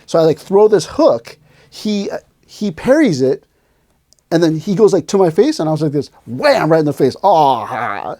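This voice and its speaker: A man's voice: a little high, big pitch swings, moderate pace, dark tone, no echo, studio quality. A man hosting a podcast, telling stories in casual chat and acting out scenes with sound effects and quoted voices. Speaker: podcast host.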